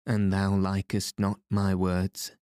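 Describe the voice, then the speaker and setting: Guy reading a story doing a harsh mean outlaw stranger, deep voice, threatening. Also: completely flat delivery, slow pace, smooth, dry recording, clean studio sound. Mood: menacing. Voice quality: harsh, loud. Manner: threatening, sour.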